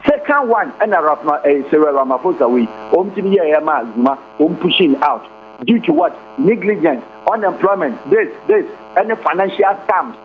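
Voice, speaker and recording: A man's voice: fairly high pitch, lively intonation, a little fast. A man giving impassioned political commentary as a radio guest, switching between Twi and English and firing off rhetorical questions. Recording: tinny phone-line radio audio with faint hum.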